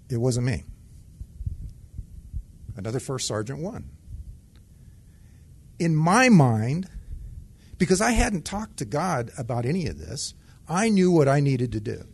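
A retired Air Force sergeant telling a personal testimony in a conversational way and acting out the dialogue. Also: male voice, mid-range voice, darkish tone, husky. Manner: conversational storytelling that acts out dialogue.

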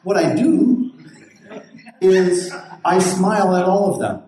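Here a pastor spins casual, folksy stories, rambling and frequently starting over. His voice sits high and sounds mellow yet animated, and he takes his time. The room is very echoey.

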